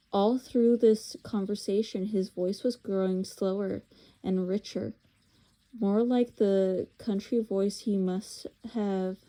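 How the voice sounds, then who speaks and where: A woman reading a chapter book aloud, unhurried, with chatty asides. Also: medium pitch, mellow. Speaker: reader.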